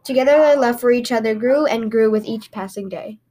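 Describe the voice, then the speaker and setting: A woman reads fairy tales aloud for her podcast in a slightly high voice. She tells the story expressively, with the odd stumble and restart. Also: a little fast, warm tone. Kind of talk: fairy tale reading.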